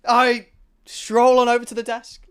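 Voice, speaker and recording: A young man, a streamer telling an animated, sweary storytime to his chat and acting out the dialogue. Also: very high-pitched, unhurried, clean tone. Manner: excitable, swearing, acts out dialogue.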